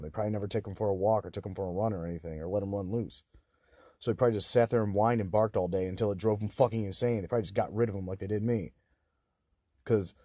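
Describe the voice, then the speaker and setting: A man's voice: on the low side, mellow, no echo, studio quality. A young man in a rambling, agitated, profane monologue to camera, swearing constantly. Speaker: vlogger.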